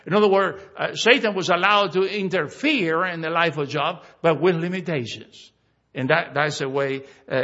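Emphatic pastor with a bright, husky voice. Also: male voice, a little high, highs cut off. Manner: slow emphatic scripture reading, many fillers and restarts. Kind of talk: sermon.

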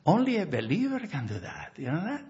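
Male pastor, emphatic sermon delivery, fairly high voice, dull lo-fi recording. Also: fairly quick. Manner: animated, emphatic, acts out dialogues.

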